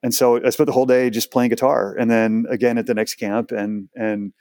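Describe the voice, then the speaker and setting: A man in his forties from Houston tells animated, rambling stories as a podcast guest. His voice sits at a middle pitch with plenty of restarts. The sound is dry and close. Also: fairly quick, dry recording. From Houston, Texas. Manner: animated, chatty, many restarts. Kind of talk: casual storytelling interview.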